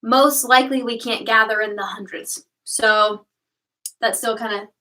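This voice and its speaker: An upbeat young woman co-hosting a youth ministry livestream in a fairly high, bright voice. She chats freely and fills pauses with ums, sitting a little away from the mic. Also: steady tone, far from the mic, rough recording. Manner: upbeat, chatty with many ums. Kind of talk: casual livestream chat.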